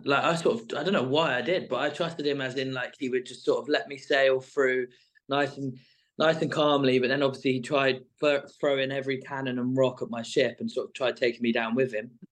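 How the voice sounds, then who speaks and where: A man talks loosely and casually as a guest, stringing his thoughts along with plenty of fillers. His voice sits at an ordinary middle pitch and he never sounds scripted. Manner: rambling, full of "like" and "sort of". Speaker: reality show contestant guest. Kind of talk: casual interview chat.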